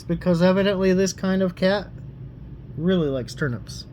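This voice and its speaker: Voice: mid-range voice, normal speed, a little mellow, slight background noise. An adult reading a fairy tale aloud to a child at home, in a playful, teasing storytelling manner. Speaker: bedtime story reader.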